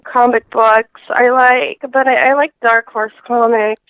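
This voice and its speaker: A woman guest in a casual interview, talking in a halting way with many fillers and restarts over a phone line. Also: on the high side, little pitch movement, a bit bright, clear, resonant tone, dry recording.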